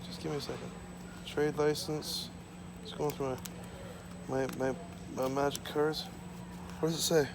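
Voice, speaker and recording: A man's voice: mid-range voice, noisy background. A man rambling and ranting to his camera at home, profane and repetitive, drifting from topic to topic. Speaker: vlogger. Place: small home.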